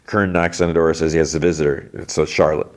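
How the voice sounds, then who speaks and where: Male podcast host, low voice, loose chatty scene-by-scene recap. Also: level tone, fast. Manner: retells scenes loosely, peppered with "like" and quoted dialogue. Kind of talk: casual TV episode recap.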